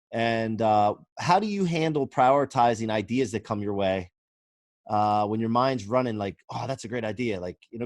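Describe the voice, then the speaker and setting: Chatty podcast host with a dry sound. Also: male voice, mid-range voice, a little mellow, no echo. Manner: chatty, rambling questions. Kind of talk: casual podcast interview.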